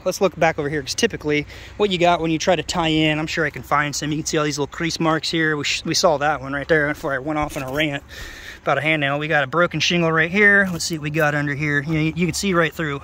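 A man's voice: on the high side, bright, forceful tone. Sarcastic chatty man inspecting a roof. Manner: sarcastic, chatty, talks to viewers. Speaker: roofing contractor. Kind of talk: on-site roof inspection vlog. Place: outdoors on a roof.

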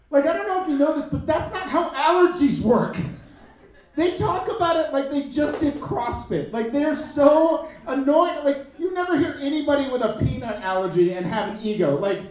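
A man in his thirties performing a stand-up comedy set on a club stage, animated and jumping up in pitch for punchlines. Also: heavy reverb, recorded from a distance, poor audio. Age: 30s.

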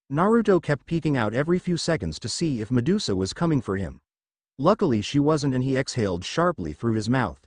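A man's voice: mid-range voice, dry recording. Man narrating a fan fiction story.

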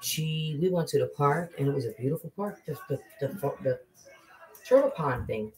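A woman's voice: deep voice, animated, normal speed, darkish tone, poor audio. A woman hosting a casual livestream, chatting to viewers and telling a family story. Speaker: livestream host and mother. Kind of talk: casual live chat.

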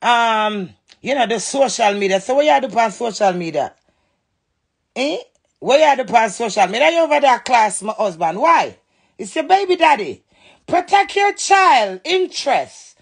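Raspy high-voiced Jamaican woman ranting. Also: lively intonation, moderate pace. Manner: cussing, confrontational, scolding. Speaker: social media livestreamer. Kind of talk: heated livestream rant.

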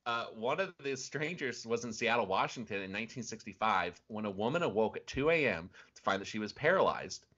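Bright-voiced man on a lo-fi podcast. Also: lowish voice, fairly quick, hardly any pauses. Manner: animated, laughs often, retelling stories with restarts. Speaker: podcast co-host. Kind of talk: casual podcast chat. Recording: dull lo-fi sound.

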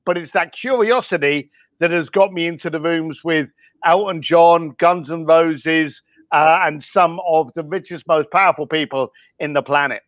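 Blunt high-voiced man, mixed East London accent. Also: moderate pace, a bit bright, no echo. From East London, England. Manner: candid, blunt, with mild swearing and frequent ums. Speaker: guest. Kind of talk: casual podcast interview.

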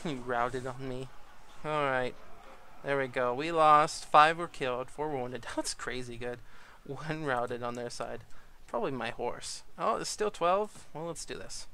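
A man giving casual gameplay commentary, chatting, laughing often and yelling orders at his troops. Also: mid-range voice, measured pace. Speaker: gaming YouTuber.

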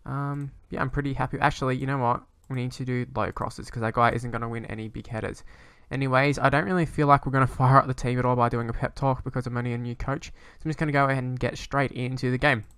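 A man's voice: medium pitch, fairly even intonation, fast talker, few pauses, a bit bright, clean tone, no echo. A young man casually commentating on his own football management game, rambling and hesitant, breaking into sweary frustration. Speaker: gaming YouTuber.

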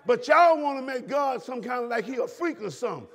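High-pitched preacher man shouting a sermon. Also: lively intonation, a little fast. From Southern United States. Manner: preaching with repetition and sudden shouts to the congregation. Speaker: pastor.

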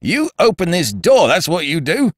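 A man voicing a stolid, severe male village constable who speaks bluntly and gruffly. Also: on the high side, sing-song, normal speed, no echo, studio quality, voice pushed up. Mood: insistent.

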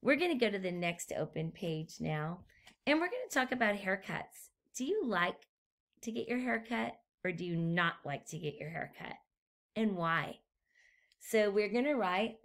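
A woman teacher reading a storybook aloud to young children and asking them gentle questions. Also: mid-range voice, animated. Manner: gentle, slow, questions to the listener.

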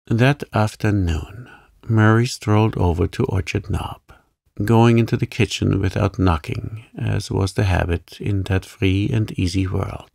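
A man narrating a bedtime story for sleep in a calm, soft-spoken, soothing way. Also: on the low side, unhurried, creaky, no room sound, studio quality.

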